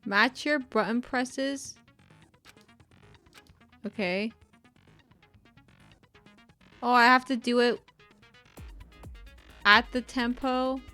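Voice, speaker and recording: Slow-talking bright woman streamer. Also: fairly high pitch, steady tone. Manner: giggly, thinking aloud. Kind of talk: casual gameplay chat. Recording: faint game music behind.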